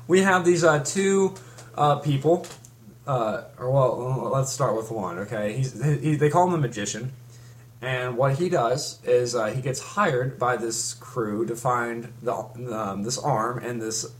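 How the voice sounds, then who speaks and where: A man's voice: mid-range voice, a little slow. A young man in casual chat, rambling through a story with many restarts and fillers. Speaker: fan recapping a comic.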